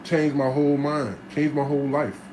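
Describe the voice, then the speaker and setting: A streetwise man talking through his life story in a loose, animated monologue, cursing freely and slipping into the voices of the people he describes. His voice sits a little high for a man. A faint hiss of background noise runs under the recording. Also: moderate pace, low-quality recording.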